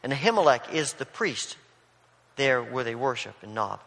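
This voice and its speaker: A man's voice: mid-range voice, animated, moderate pace, gravelly, fairly bright tone, in a large hall. A man preaching a sermon, retelling a scripture story in a casual storytelling way. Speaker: pastor.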